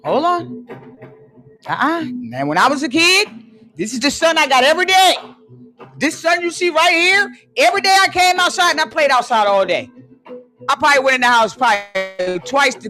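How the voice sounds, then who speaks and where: A livestream host ranting emphatically, often repeating "excuse me" and "hold on", swinging between loud and hushed and drawing out key phrases into a phone. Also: high voice, very animated, normal speed, faint music behind. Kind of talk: conspiracy rant on a live stream.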